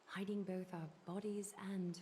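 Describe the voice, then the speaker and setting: An actress with a British accent voicing a poised, refined noblewoman in a game, speaking in a soft, proper manner. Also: medium pitch, level tone, unhurried, slight background noise, natural voice. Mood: soothing. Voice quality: posh, proper, soft-spoken. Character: poised, refined noblewoman weaver, calm and soothing. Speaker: game character. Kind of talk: video game voice acting. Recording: game audio with music behind.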